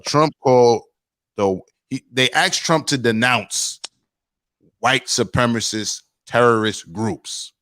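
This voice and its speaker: A man's voice: fairly low pitch, dry recording. A man hosting a casual podcast rant, reading out chat comments and firing off rhetorical questions. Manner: animated, fires off rhetorical questions. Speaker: podcast host.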